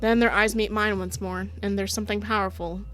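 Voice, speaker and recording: A woman's voice: mid-range voice, steady tone, fairly quick, fairly bright tone, soft background music. A woman streaming a visual novel, reading it aloud with playful, giggly commentary. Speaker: gaming streamer.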